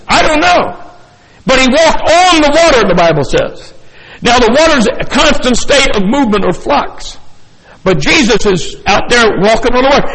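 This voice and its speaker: An older male pastor with an unusually high voice preaches in an animated way, acting out the story with chuckles. His voice rings through a church hall with a long echo. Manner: animated, acts out scenes, chuckles often. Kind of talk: sermon. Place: church sanctuary.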